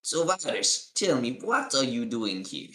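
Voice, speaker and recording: A man's voice: mid-range voice, very animated, a little slow, fairly bright tone, roomy sound. A man voicing a small, perceptive male goblin who questions people suspiciously.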